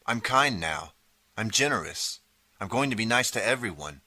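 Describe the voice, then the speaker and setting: A man's voice: on the low side, animated, moderate pace, pushed and bright, no room sound, voice pushed up, heavily acted. A man voicing a desperate, eager boy who keeps pleading to be believed. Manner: pleading, earnest.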